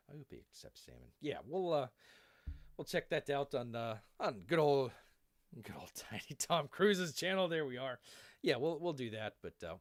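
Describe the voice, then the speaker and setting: A man's voice: mid-range voice, no echo, clean studio sound. Guy rambling on his stream, jokey, repeats himself, voice jumps up and down a lot. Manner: rambling, repeats phrases, playful growls and jokes. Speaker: streamer signing off a live show. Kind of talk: rambling casual live-stream chat.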